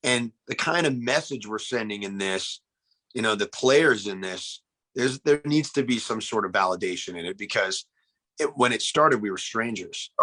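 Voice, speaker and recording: A man's voice: on the low side, expressive, normal speed, sharp tone. A man talking about making a film in a casual interview, earnest and reflective, often restarting his sentences. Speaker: actor in the film.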